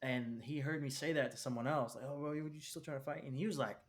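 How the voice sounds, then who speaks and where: A fast-talking man co-hosting a casual podcast. He rambles through stories and acts out what people said to him. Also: on the high side, fairly even intonation. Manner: rambling anecdotes with quoted dialogue. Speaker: podcast co-host. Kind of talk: casual chat.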